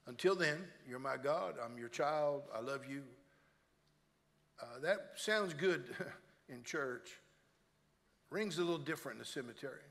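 Older man preaching, gravelly bright voice. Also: mid-range voice, normal speed, big-room sound. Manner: swings from hushed storytelling to loud exhortation. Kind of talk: sermon. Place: church.

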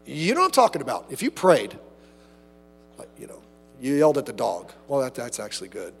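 A man preaching a sermon as pastor, animated, acting out little asides and quotes. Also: medium pitch, a little fast, vocal fry, in a large hall, soft background music.

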